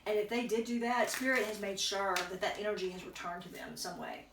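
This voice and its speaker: A woman's voice: medium pitch, brisk, noisy background. A woman giving a casual tarot reading, rambling and correcting herself as she thinks aloud while chewing gum. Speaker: tarot reader. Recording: echoey room, distant from mic.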